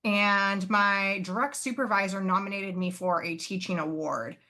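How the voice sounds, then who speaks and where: A woman's voice: mid-range voice, normal speed, pushed and bright. A woman professor giving a live online presentation, explaining earnestly with occasional fillers and self-corrections over a computer mic.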